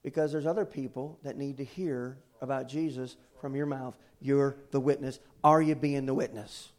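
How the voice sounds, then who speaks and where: A man preaching a sermon in a church, swinging from loud fervent declarations to quiet, folksy storytelling. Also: medium pitch, steady tone, moderate pace. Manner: preaching with rising intensity, then quiet storytelling. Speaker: pastor. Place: church sanctuary with balcony.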